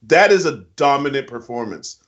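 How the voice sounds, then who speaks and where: A man's voice: animated, moderate pace. A man co-hosting casual basketball chat, giving emphatic, slangy opinions. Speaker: NBA picks co-host. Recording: muffled low-fidelity audio.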